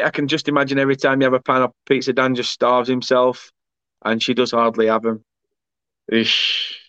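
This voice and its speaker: A man's voice: medium pitch, fairly bright tone, no echo. Male host, casual and chatty, dry, muffled audio. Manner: chatty, laughs often, reads comments aloud. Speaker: podcast host reading viewer comments. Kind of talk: casual chat.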